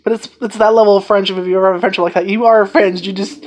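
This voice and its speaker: Woman gushing about an anime, rambly and sweary, retells scenes all excited. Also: mid-range voice, fast, hardly any pauses. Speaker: anime reviewer. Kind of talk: casual spoken review.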